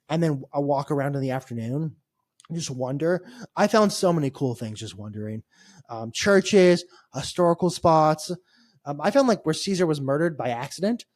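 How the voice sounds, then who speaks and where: A man's voice: on the high side, a little mellow, dry recording, studio quality. A man co-hosting a podcast, telling a long travel story in a rambling, wry, exasperated way. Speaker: podcast co-host. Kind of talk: casual chat.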